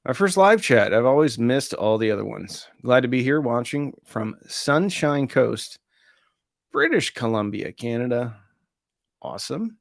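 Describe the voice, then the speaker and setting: Gravelly-voiced man hosting a live stream. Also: medium pitch, sing-song, unhurried, dry recording, studio quality. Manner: reads out viewer comments and answers them casually. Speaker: host of an audio gear channel. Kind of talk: casual live-stream chat.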